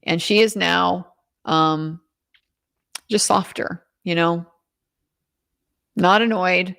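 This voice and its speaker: A woman's voice: lowish voice, very slow, vocal fry, a bit bright, smooth. Chatty woman recapping a trial. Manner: chatty, with restarts and "like" quotes. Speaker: trial commentator. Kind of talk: casual recap.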